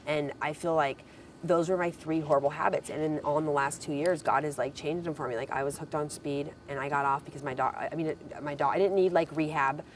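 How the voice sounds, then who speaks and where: A woman's voice: low voice, steady tone, a little fast, slight background noise. A young woman telling a long personal story in casual conversation, full of "like" and acted-out quotes. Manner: rambling storytelling with many "like" and "I'm like" quotes. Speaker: reality show contestant.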